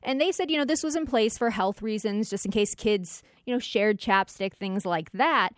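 A woman's voice: mid-range voice, moderate pace, no echo, studio quality. A woman co-hosting a casual chat show, telling a story in a chatty way. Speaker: co-host.

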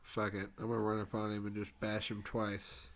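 A man's voice: fairly low pitch, completely flat delivery, fairly quick. A man playing a tabletop game, brash and joking, swearing freely. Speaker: player.

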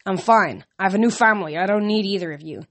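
A woman's voice: mid-range voice, fast, a bit bright. A woman reader voicing a hurt, defiant teenage boy who speaks bitterly in a storybook.

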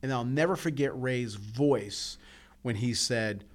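A man's voice: medium pitch, lively intonation, moderate pace. Man, podcast co-host, earnest and emotional, storytelling, casual talk with restarts.

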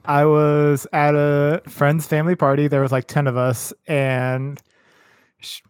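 A man's voice: a little high, monotone, a little slow, smooth, no echo, clean studio sound. A man co-hosting a casual podcast, telling stories in a laid-back way. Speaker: podcast co-host.

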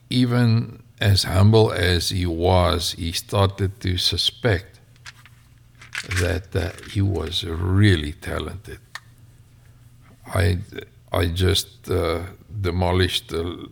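A man narrating a story in an unhurried way, with fillers and spoken asides. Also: low voice, creaky. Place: home, near a mic.

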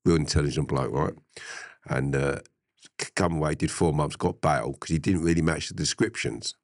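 A middle-aged man with a very low voice spins an animated story in casual interview talk, laughing and swearing as he goes. His voice sounds dry and close, with no room around it. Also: normal speed, vocal fry, dry recording.

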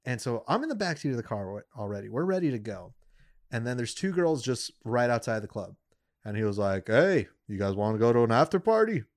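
A young man in casual chat, telling a story with lots of laughter and squeaky voices for the people he quotes. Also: big pitch swings, a little fast, dry recording, clean studio sound.

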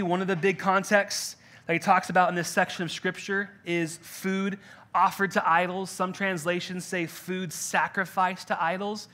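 A man's voice: high voice, bright, forceful tone. A young adult man preaching a conversational sermon, jokey and loose, with lots of filler words. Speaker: pastor. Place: church in-person gathering.

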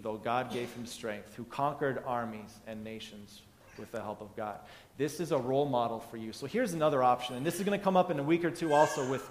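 A man's voice: medium pitch, a little hiss or hum. Man preaching in a reverberant church. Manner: conversational preaching, acts out biblical dialogue. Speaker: pastor. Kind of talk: sermon.

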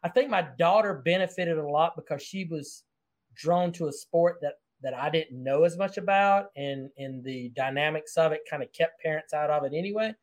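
A man in his forties with a Southern American accent, hosting an interview in a warm, encouraging manner. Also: a little high, normal speed. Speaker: podcast host. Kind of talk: conversational interview.

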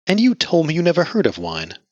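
A man's voice: a little high, huge pitch swings, a little fast, a little mellow, no echo, voice pushed up. A man voicing a grieving young woman who is bitter and defiant, speaking in a raised, tearful voice on a dull lo-fi recording. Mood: anguished. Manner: emotional, raised voice near tears. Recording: dull lo-fi audio.

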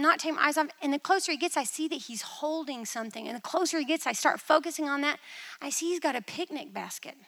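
A woman preaching a testimony in a church, telling a vision with animated, dramatic storytelling. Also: high voice, in a large hall.

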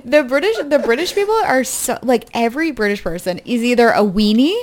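A woman's voice: fairly high pitch, animated, brisk. A woman co-hosting a podcast, enthusiastic and laughing as she discusses a movie in casual chat. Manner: enthusiastic, laughs often, swears. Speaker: podcast co-host.

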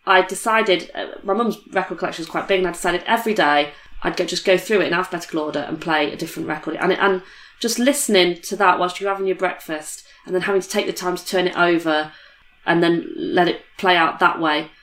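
A young British woman in casual conversation, telling stories in a chatty, lively way with lots of fillers. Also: fairly low pitch, fast. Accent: British English. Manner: chatty, animated storytelling with many fillers. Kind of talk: casual chat. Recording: roomy echo.

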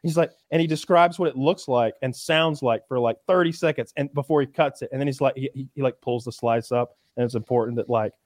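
A man telling a story in casual podcast chat, swearing a lot and acting out quotes with animated energy. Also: medium pitch, brisk, hardly any pauses, dry recording, studio quality.

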